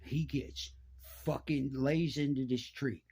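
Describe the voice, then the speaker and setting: A middle-aged man, telling a profane, animated story and jumping his voice around to act out the people in it. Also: measured pace, slightly rough. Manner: animated, profane, acts out voices with big pitch jumps. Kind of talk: casual storytelling.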